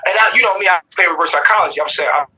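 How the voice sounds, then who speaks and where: A man's voice: sits high, very fast, background noise. A man hosting a live call-in show, telling a long personal story with lots of slang and swearing, acting out what each person said. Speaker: show host.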